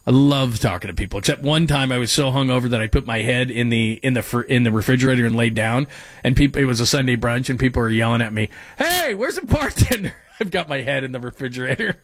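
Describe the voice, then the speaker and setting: A man hosting a sports talk radio show speaks fast in a mid-range voice with fairly even intonation. Casual and self-deprecating, he rambles conversationally through listener texts and stories.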